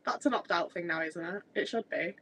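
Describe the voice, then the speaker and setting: A woman's voice: on the low side, a little fast, fairly bright tone, husky, low-quality recording. A woman, chatting casually on a livestream in a rambling way with many filler words. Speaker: streamer.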